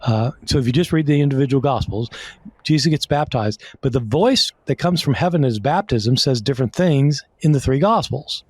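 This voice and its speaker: A man's voice: medium pitch, husky, no echo. Guy scholar explaining stuff, lots of ums and restarts, dry close sound. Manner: conversational, many fillers and restarts. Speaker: guest scholar. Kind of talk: explaining in an interview.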